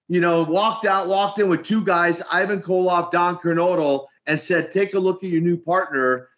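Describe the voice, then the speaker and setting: An older man telling long stories in an interview, his voice on the higher side for a man. He is animated and often repeats words as he gets going, and the sound comes through a bit dull and lo-fi. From Minneapolis, Minnesota. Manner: animated storyteller, repeats words while starting sentences. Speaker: retired wrestler guest. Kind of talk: storytelling interview.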